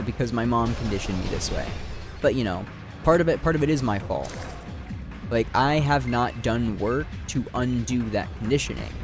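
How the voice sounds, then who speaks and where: A young man talking through a reflective, rambling chat while playing a game, with many fillers and casual swearing. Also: mid-range voice. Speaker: gaming video creator. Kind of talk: reflective talk over gameplay. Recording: background game music.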